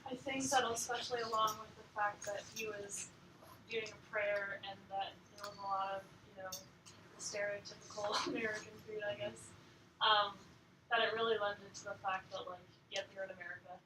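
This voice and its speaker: A young woman student answering in a class discussion, pausing and searching for words. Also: medium pitch, flat delivery. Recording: roomy, distant, noisy classroom recording.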